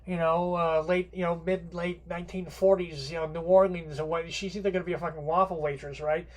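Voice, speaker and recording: A man's voice: on the high side, little pitch movement, fairly quick. A man giving an unscripted literature lecture, rambling with many fillers and restarts and some casual swearing.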